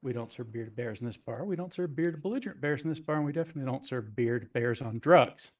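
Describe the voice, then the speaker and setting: Stern male bartender, as a man puts him on, low, quiet, flat. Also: quick pace, far from the mic, natural voice. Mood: firm.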